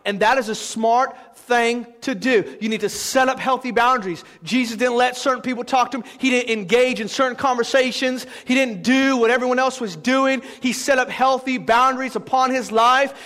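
A man's voice: very high-pitched, a little fast, a bit bright. A male pastor preaching a sermon, emphatic and repetitive, acting out the lines he quotes. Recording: long hall reverb.

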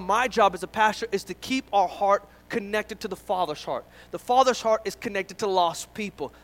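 A male pastor preaches in an earnest, emphatic way, repeating his key lines for effect. His voice sits very high for a man and has a bright, forceful edge. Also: slight background noise, rough recording. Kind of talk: sermon.

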